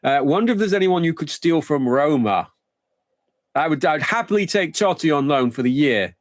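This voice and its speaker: A man's voice: fairly high pitch, animated, moderate pace, no room sound, clean studio sound. A man streaming a football management game live, thinking aloud in a rambling, casual way.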